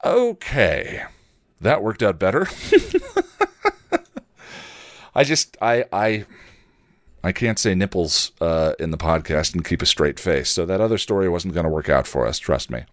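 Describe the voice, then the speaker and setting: A man hosting a podcast, reading a story aloud in a steady, even way. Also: sits low, normal speed, no echo, studio quality. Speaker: podcast host and story reader. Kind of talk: storytelling narration.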